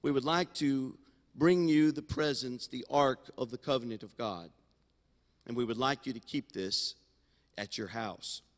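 A preacher voicing a stately king who makes a formal, measured request. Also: medium pitch, natural voice. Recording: long hall reverb in a sanctuary.

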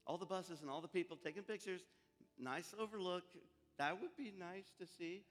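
A male preacher telling a lively, comic story in a sermon, in a large hall with faint music and a long reverb. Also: high-pitched, moderate pace.

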